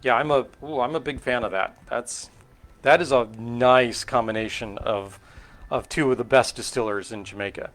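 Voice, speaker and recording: A middle-aged man from California's Central Valley hosts a casual cocktail stream, chatting live as he mixes drinks. His mid-range voice is steady, a bit bright, and moderately paced. He rambles and thinks aloud, full of fillers and self-corrections.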